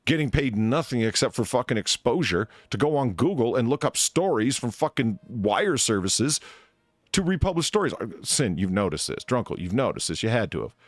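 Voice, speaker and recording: A man's voice: medium pitch, very animated, normal speed, dry recording, clean studio sound. A man hosting a casual comedy podcast, reading news items and ranting about them with lots of swearing. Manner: ranting, profane, reads news items then riffs. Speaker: podcast host.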